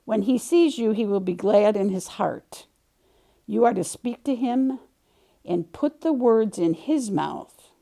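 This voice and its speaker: A woman reading the lines of God, a solemn male deity, in a measured scripture-reading way. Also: medium pitch, animated, creaky, dark tone.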